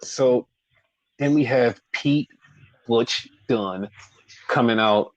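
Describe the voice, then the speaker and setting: A man casually recapping a wrestling show, talking in an animated, profane way. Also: drawn-out words, low-quality recording. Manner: animated, profane, acts out quotes in high voices. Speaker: podcast co-host.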